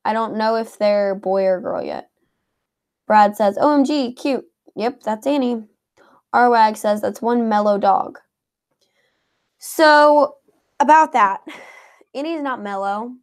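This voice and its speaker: Chatty woman with vocal fry. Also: on the high side, takes it slowly, pauses often. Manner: chatty, heavy on filler words like "like" and "um". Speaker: co-host reading viewer comments. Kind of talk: casual live chat.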